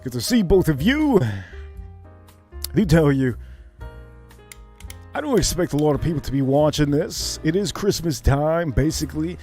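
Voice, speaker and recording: A man hosting a livestream, telling a story in a casual, profane, animated way and acting it out. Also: on the high side, moderate pace, long pauses, soft background music. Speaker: livestream host.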